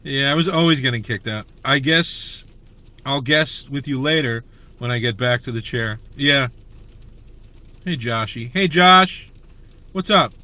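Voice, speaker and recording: Chatty guy doing a comedy livestream, bright forward voice, rambles and greets viewers. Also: mid-range voice, a little slow, no echo. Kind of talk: casual livestream chat.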